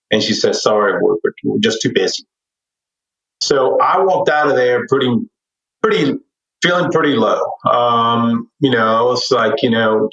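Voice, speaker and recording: A middle-aged man telling his own story as a podcast guest, earnest and candid, animated as he relives it. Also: medium pitch, moderate pace. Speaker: podcast guest, real estate investor. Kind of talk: personal storytelling in a podcast interview. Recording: dull, roomy sound, distant from mic.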